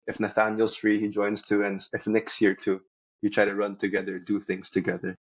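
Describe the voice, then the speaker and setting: A man's voice: fairly low pitch, monotone, brisk, lo-fi sound. A young man speaking as a guest on a church podcast, easygoing and chatty, laughing often as he talks. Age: young adult. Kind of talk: casual podcast chat.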